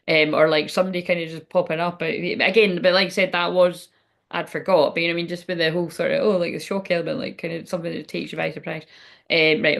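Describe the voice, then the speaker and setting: A woman's voice: fairly low pitch, gravelly. A young adult woman giving a casual, rambling livestream card reading as a spiritual reader. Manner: chatty and rambling.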